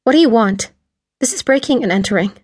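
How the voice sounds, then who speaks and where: A woman's voice: fairly high pitch, lively intonation, fast, husky, dry recording, voice pushed up. Frightened young wife read by a woman, pleading, cracking voice, dry close sound.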